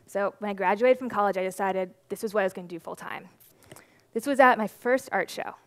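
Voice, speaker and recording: A woman in her twenties gives a conference talk from the stage, telling her story in a lively, animated way. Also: medium pitch, fairly quick, no room sound. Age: 20s. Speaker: conference speaker.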